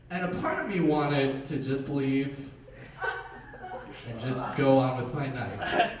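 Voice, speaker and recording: A young man telling a stand-up story, deadpan, acting out the voices of the people in it. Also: mid-range voice, slow, crowd noise. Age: young adult. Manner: deadpan storytelling, acts out the voices in his anecdotes. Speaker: stand-up comedian. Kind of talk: stand-up comedy set. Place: small theater with a live audience. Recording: distant, echoey room, loud audience laughter. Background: audience laughter.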